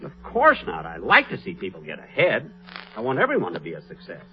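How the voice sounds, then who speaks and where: A man hosting a scripted radio comedy, vain and easily wounded, drawing out comic pauses. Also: on the low side, huge pitch swings. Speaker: comedy show host. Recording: dull old radio recording with hiss.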